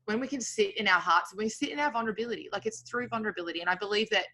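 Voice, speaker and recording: Bright-voiced, reflective woman guest. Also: medium pitch, racing. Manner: open, reflective, heavy use of filler words. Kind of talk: casual conversation.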